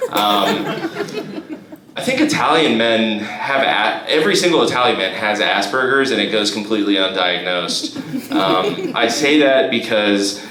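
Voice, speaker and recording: Young man doing halting stand-up. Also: fairly low pitch, big pitch swings, sharp tone. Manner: halting, many restarts and fillers. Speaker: stand-up comedian. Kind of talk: live stand-up set. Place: comedy club stage. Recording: roomy live club recording with crowd. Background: audience laughter.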